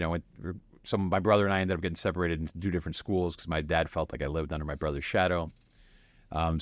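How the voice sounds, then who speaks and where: A bass-voiced man in his forties from Miami, United States, appears as a podcast guest, telling candid stories in an interview. He's an animated storyteller who acts out the people he quotes and laughs often. The recording has no echo.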